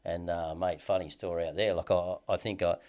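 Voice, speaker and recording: An Australian man in his thirties tells a long story in a rambling, sweary way, leaning on "you know what I mean" again and again. His voice sits low, and the words come fast. He sounds like a guest in a casual interview. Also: fairly even intonation, darkish tone.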